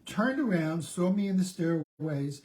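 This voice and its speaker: A middle-aged male therapist talks through a self-help topic on his own, in a loose conversational way. He often stops short and repeats words before going on. His voice sits a little high for a man. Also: animated, a little slow, darkish tone. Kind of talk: solo self-help talk.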